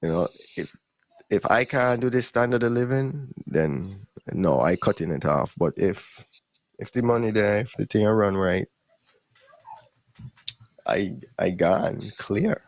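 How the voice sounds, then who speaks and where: A young man casually telling stories on a podcast, in relaxed creole-tinged English. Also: fairly low pitch, slow, no room sound. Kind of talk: casual storytelling chat.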